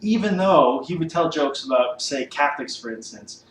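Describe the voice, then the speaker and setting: A man's voice: fairly high pitch, animated, moderate pace, a bit bright. Rambling man talking from across an echoey room. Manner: rambling, loose, swears often, many fillers. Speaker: vlogger ranking comedians. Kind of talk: casual unscripted monologue. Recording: echoey room, mic at a distance, faint background hiss.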